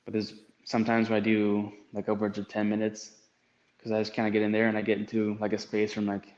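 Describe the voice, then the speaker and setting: Flat, low-voiced man on a dull, echoey line. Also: fast. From United States. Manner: hesitant, many fillers. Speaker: guest athlete. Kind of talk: casual interview answers.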